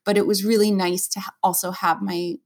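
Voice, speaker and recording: A woman's voice: medium pitch, level tone, a little fast. A woman, a stage performer as interview guest, telling her own story in a candid, earnest and emotional way, with many fillers and restarts.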